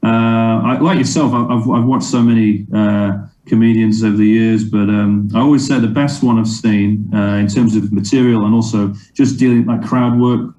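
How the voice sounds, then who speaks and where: A man's voice: lowish voice, steady tone, moderate pace, hardly any pauses, mellow. A man from England, a comedian guest in an interview, answering hesitantly with many ums and restarts. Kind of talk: casual interview chat.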